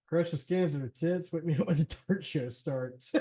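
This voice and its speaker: A man's voice: a little high, warm tone, breathy edge. A man hosting a live stream, chatting casually and rambling, swearing freely and laughing often. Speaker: streamer host.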